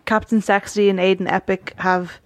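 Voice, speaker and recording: A woman's voice: mid-range voice, little pitch movement, moderate pace, no echo. A woman co-hosting a podcast, chatting casually about a wrestling show, laughing often and rambling through restarts. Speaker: podcast co-host.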